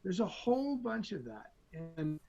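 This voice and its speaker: A man as a podcast guest, telling motivational stories in an energetic, emphatic way and often checking in with "right?". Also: sits high, measured pace, vocal fry, highs cut off. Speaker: guest, entrepreneur. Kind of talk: animated motivational storytelling.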